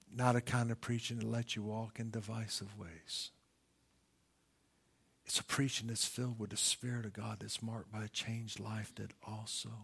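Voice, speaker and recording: A middle-aged man preaching a sermon, moving between quiet storytelling and loud, impassioned calls. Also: on the low side, vocal fry, breathy edge. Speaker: pastor.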